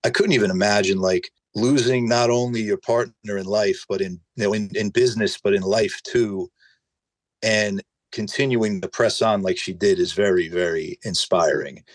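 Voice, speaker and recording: A man from New Jersey with a New Jersey accent, chatting casually on a podcast as a hot sauce maker, animated and swearing freely. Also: lowish voice, moderate pace, no echo, low-quality recording. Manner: animated storyteller, curses freely, filler-heavy.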